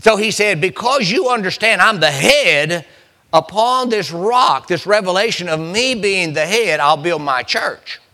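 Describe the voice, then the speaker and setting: A man preaching a sermon as pastor, restarting phrases and building to emphatic, slowed punchlines. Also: high-pitched, lively intonation, sharp tone.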